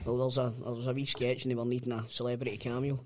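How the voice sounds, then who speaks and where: A man's voice: mid-range voice, little pitch movement, very fast, a little mellow, a little hiss or hum. A Scottish man co-hosting a podcast, chatting wryly with swearing banter. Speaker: podcast co-host. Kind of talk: casual chat.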